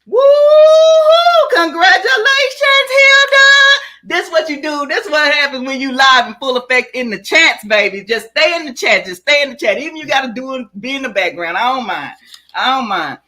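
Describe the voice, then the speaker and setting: A woman's voice: high-pitched, lively intonation, brisk, sharp tone. A woman hosting a livestream giveaway, reading out supporters' names in a hyped, sing-song way. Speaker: channel host. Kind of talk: livestream giveaway shout-outs.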